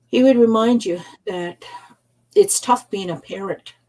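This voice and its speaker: Older woman, husky voice, mid pitch, soft unhurried storytelling, repeats herself for emphasis. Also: poor audio. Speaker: elder storyteller. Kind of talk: gentle storytelling and teaching.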